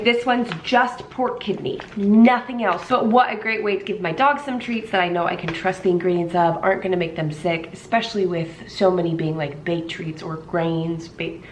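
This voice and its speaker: A woman in a casual vlog chat, rambling and laughing often, talking about shopping and dog treats. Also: mid-range voice. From Texas. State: pregnant. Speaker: vlogger. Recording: noisy home video.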